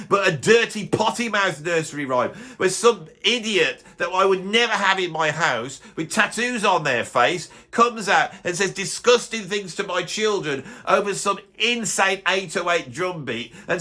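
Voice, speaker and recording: A man doing a bitter middle-aged music snob who grumbles and blusters through a comic rant. The voice sits a touch high and comes out bright and tense. He trips over his own restarts as the complaints pile up. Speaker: YouTuber doing a comic character.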